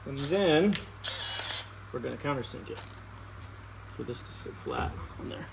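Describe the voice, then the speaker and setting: Man narrating car work over loud noise. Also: medium pitch, expressive, measured pace, creaky. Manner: talks through each step while working. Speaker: vlogger. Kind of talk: casual how-to narration.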